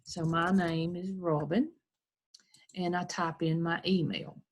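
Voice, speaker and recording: Slow, husky American woman teacher. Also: on the low side, fairly even intonation. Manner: patient, step-by-step explaining. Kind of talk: recorded screen tutorial for children.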